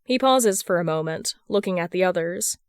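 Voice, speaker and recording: Woman narrator, podfic reading, smooth clear voice, dry close sound, steady pace. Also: fairly low pitch, normal speed, no room sound. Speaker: podfic reader. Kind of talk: audiobook narration of fan fiction.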